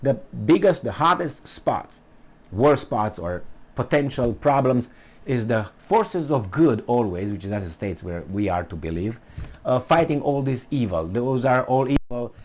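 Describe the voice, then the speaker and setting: A man's voice: mid-range voice, very animated, a little slow, a little mellow. A man giving an emphatic political monologue, full of rhetorical questions and restarts. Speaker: political commentator.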